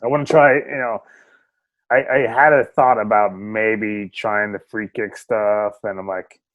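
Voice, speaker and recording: A man's voice: on the low side, steady tone, measured pace, no room sound, narrow, tinny audio. A man co-hosting a soccer podcast in casual chat, rambling with many restarts and frequent laughs. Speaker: podcast co-host. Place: home, remote call.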